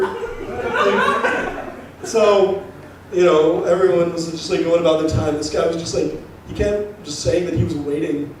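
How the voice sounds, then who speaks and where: A young man performing a stand-up comedy routine, telling a story in an animated way and acting out the people in it. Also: high-pitched, normal speed, few pauses, very noisy. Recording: roomy live venue, mic from a distance.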